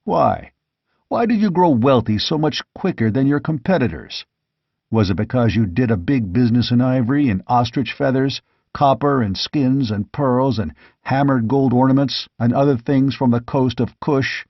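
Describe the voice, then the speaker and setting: A man voicing a bold barbarian warrior king who speaks bluntly and gruffly, with grim amusement, in an audiobook reading. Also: mid-range voice, moderate pace, dry recording, natural voice. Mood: blunt, mocking. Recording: dull, dry lo-fi audiobook recording.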